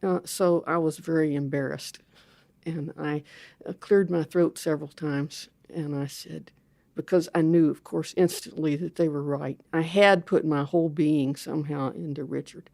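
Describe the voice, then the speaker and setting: A woman's voice: sits low, steady tone, moderate pace, gravelly, darkish tone, dry recording. An older woman, a theologian, telling a candid, self-mocking story as an interview guest.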